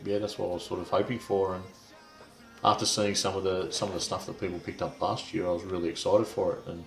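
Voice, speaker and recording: Man, podcast host, very deep voice, relaxed rambling, echoey room. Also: fast, faint music behind. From Australia. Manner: relaxed, rambling, with fillers like "you know". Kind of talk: casual chat.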